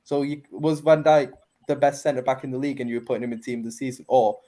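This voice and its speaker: Brief: male panelist, emphatic football debater, mellow warm timbre. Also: medium pitch, flat delivery, fast. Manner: opinionated, emphatic, says innit.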